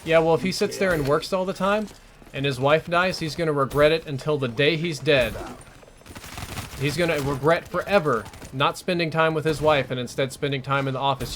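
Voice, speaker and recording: A man's voice: fairly high pitch, slight background noise. A man with a Southern US accent, giving blunt, earnest advice and swearing freely while streaming gameplay. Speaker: gaming streamer. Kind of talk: live gameplay commentary with chat. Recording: game gunfire loud behind voice. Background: video game gunfire.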